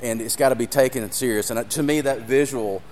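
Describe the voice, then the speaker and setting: A ministry speaker with a mid-range, somewhat dark voice delivers an earnest sermon at a brisk clip. He performs a live demonstration, addresses his audience directly, and becomes emotional as he goes.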